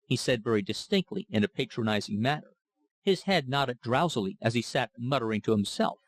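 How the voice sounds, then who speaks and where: A man reading a classic novel as an audiobook narrator, in a steady, even-paced manner on a close mic. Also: mid-range voice, a little fast, dry recording.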